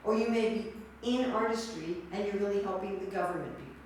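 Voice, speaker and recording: A woman's voice: medium pitch, fast, a little mellow, far from the mic, slight background noise. Woman lecturing in an echoey hall. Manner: quizzing the audience, repeating and judging their answers. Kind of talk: interactive class lecture.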